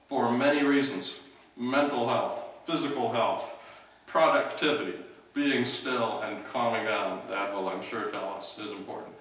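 A middle-aged man, the outreach worker of a church, introduces the evening's speaker in a relaxed, halting talk full of fillers and restarts. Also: medium pitch. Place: church hall. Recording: distant mic in an echoey hall.

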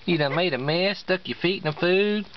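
A man's voice: high voice, moderate pace. Sing-song Southern man cooing at puppies. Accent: East Tennessee Southern. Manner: sing-song, coaxing, repeats himself. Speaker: dog breeder. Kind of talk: baby talk to puppies while filming. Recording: dull lo-fi home video with clear background noise.

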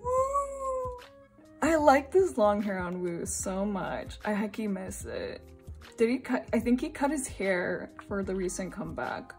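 A young woman from Singapore chatting excitedly at home while unboxing, gushing and laughing often. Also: mid-range voice. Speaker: unboxing vlogger. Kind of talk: excited casual unboxing chat.

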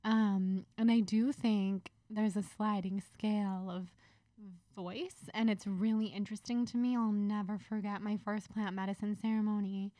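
A woman's voice: medium pitch, fairly even intonation, normal speed, warm tone, dry recording. A woman guest on a podcast, talking in an earnest, reflective way with a bit of a Valley Girl lilt. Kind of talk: casual chat.

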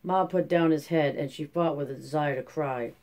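A mellow, darker-toned narrator reads a classic novel in steady scripted narration. The delivery is measured and even, with a relaxed tone. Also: medium pitch. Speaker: audiobook narrator.

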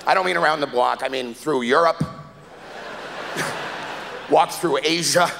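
A man's voice: on the high side, expressive, unhurried, gravelly, pauses often, bright, forceful tone, a little hiss or hum. A man performing a live stand-up comedy set, telling rambling, exasperated stories. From Canada. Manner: rambling, exasperated storytelling with acted-out voices. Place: comedy club stage before a live audience. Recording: live club recording with long hall reverb.

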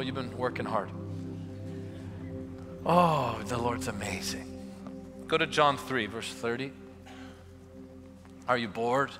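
A man preaching a live church sermon. He moves from quiet asides to loud, emphatic declarations and leads the congregation in call-and-response. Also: mid-range voice. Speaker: pastor. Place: large church hall at a live service. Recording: long reverb of a large hall.

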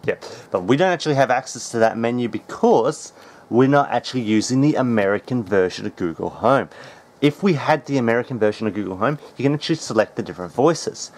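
A man hosting a casual tech how-to, talking in a relaxed, chatty way with plenty of ums. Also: medium pitch, brisk. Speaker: tech tutorial host.

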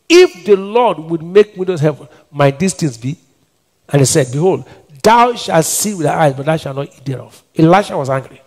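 A male pastor preaching a sermon, quizzing the congregation with call-and-response questions and shouting forceful declarations. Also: sits high. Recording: long reverb of a church hall.

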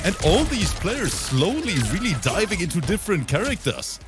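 Energetic male fighting-game commentator. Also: high-pitched, normal speed. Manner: energetic play-by-play, chatty. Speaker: esports commentator. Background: game music.

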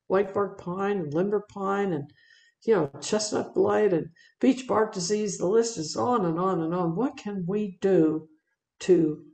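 Gravelly woman giving a slide talk. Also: medium pitch, roomy sound. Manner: conversational and animated, with fillers and repeats. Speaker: wildlife speaker presenting slides. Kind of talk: public talk narrating photos.

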